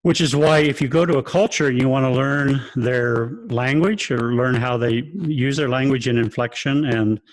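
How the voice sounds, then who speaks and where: A man's voice: medium pitch, moderate pace, hardly any pauses, dry recording. A man, a choir director, lecturing in an online rehearsal, asking rhetorical questions and chuckling as he explains. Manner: asks rhetorical questions, sings examples, chuckles often. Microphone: video call.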